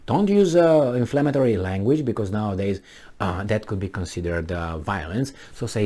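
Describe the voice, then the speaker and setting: A man delivers biting commentary on the news, reading headlines and then jabbing at them with sarcastic asides. His voice rises and falls widely in pitch as he scoffs and emphasizes his points. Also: animated, moderate pace. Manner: talks back to the news, with scattered laughs and asides. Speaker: video commentator.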